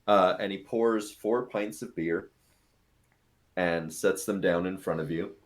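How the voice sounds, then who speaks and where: A man with a very low voice narrates a tabletop game as its game master. He talks in a relaxed, casual way, with a lot of small fillers. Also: slow.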